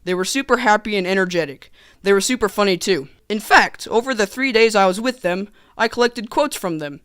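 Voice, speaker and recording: A teenage young man narrating a comedic storytime vlog in a sarcastic, animated, joking manner. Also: high-pitched, brisk, clear, resonant tone, no echo, clean studio sound. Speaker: vlogger.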